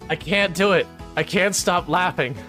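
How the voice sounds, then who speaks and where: A man giving casual, excitable commentary on his own gameplay, reacting aloud and laughing often. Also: high voice, moderate pace, soft background music. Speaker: gaming channel host.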